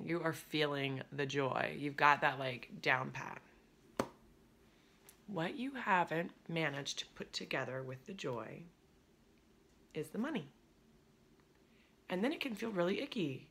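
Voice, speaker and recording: Upbeat woman coach, crisp bright tone, a little low-pitched, chatty and quick to laugh. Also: lively intonation. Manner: upbeat and chatty, laughs easily, drops to near whispers. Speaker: business coach. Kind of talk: casual direct-to-camera coaching talk.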